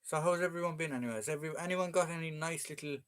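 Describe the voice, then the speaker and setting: A man's voice: a little high, fast, fairly bright tone, clear, resonant tone. Chatty Irish man hosting a livestream. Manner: chatty and joking, with frequent fillers. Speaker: livestream host. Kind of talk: casual live chat reading viewer comments.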